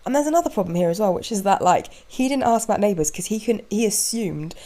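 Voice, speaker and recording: Animated woman telling a story. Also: medium pitch, rough recording. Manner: animated and indignant, with quick asides. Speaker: podcast host. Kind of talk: casual storytelling monologue.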